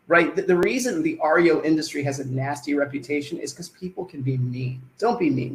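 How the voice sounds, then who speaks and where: A man runs a sales presentation for a live online audience, often checking in with questions and then answering them himself. His voice sits a little high for a man, and the sound carries a noticeable room echo.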